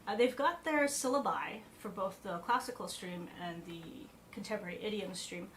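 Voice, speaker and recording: A woman's voice: mid-range voice, lively intonation, moderate pace, a bit bright. A woman, a piano teacher talking casually through a practice session, thinking aloud with fillers and asides. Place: home practice room with piano. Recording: roomy practice room, faint background noise.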